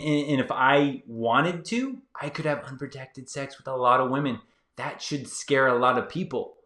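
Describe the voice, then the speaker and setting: With a fairly bright, medium-pitched voice in a reverberant space, a YouTube channel host talks straight to his viewers. The advice he offers is casual and conversational, loaded with fillers.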